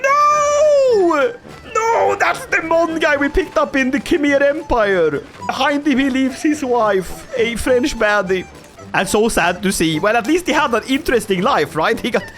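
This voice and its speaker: Man, very high voice, lively swooping delivery, jokey strategy game commentary, faint music behind. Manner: excitable, jokey, voices in-game characters in asides. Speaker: gaming YouTuber. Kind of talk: energetic gameplay commentary.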